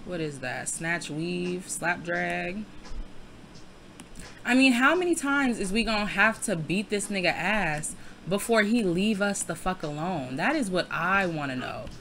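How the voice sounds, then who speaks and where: A woman's voice: on the low side, animated, measured pace, fairly bright tone, slight background noise. A young adult woman giving casual, laughing gameplay commentary, chatting to viewers with lots of slang and cursing. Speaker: Let's Play creator.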